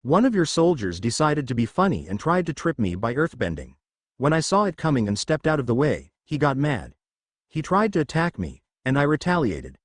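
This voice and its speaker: Brief: man doing a defiant young warrior, blunt and serious, expressive pitch, dry sound. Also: normal speed, dry recording.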